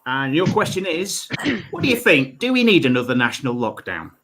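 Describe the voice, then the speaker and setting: A man hosting a comedy panel quiz, reading out questions with quick asides and frequent laughs. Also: medium pitch, big pitch swings, background noise. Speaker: quiz host. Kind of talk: casual online panel chat.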